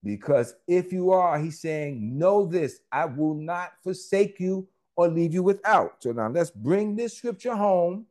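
A man's voice: high-pitched, expressive, measured pace, hardly any pauses, a little mellow. A man preaching a sermon, emphatic and repetitive, with conversational asides to the congregation.

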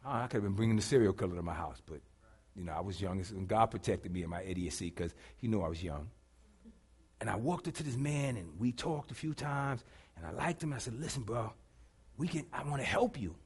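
A middle-aged man preaching a sermon, telling a story dramatically and swinging from hushed to shouting. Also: fairly low pitch, animated, brisk, slightly rough.

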